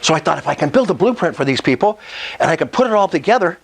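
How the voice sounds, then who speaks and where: A man giving a live sales presentation at an investors' meetup, excitable and pushy, often asking the room if it's cool. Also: a little high, quick pace, creaky, husky, rough recording.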